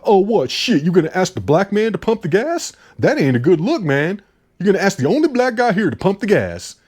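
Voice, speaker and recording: A man putting on the voice of an indignant young man who takes offense at everything, speaking loudly and with mock outrage. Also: high-pitched, very animated, brisk, breathy edge, voice pushed up, full character voice. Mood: mock-offended. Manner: loud, mock-offended, exaggerated.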